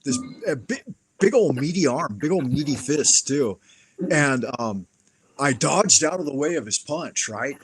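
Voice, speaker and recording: With background noise behind him, a man speaks in a slightly high, unhurried voice. He's hosting a live stream and casually recounting a profane fight story, animatedly performing the quotes of everyone in it.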